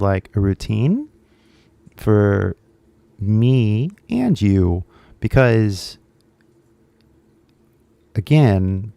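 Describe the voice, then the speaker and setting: A man's voice: on the low side, vocal fry, warm tone, dry recording. A young American man, a YouTuber teaching English, talking in a loose, chatty way full of "like" and "right?". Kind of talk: casual rambling lesson to camera.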